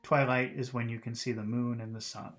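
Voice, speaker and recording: A man teaching English, reading a novel aloud and explaining vocabulary in a relaxed way, with many fillers and restarts. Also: mid-range voice, brisk.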